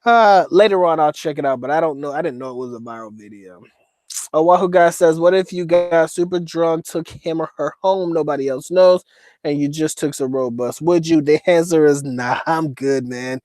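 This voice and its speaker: A man's voice: fairly high pitch, normal speed, darkish tone, dry recording. A man hosting a casual livestream, reading chat comments aloud and joking with heavy profanity and frequent laughter. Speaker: host reading live chat.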